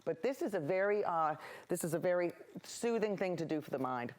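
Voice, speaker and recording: A woman's voice: on the low side, expressive, brisk, darkish tone. A woman hosting a local TV painting show, chatting in rambling, cheerful tangents as she paints. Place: local access TV studio.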